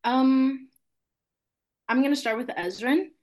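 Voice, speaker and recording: A woman's voice: high-pitched, slow, a little mellow. A woman co-hosting a casual podcast, talking loosely with lots of fillers and frequent giggles. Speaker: podcast co-host.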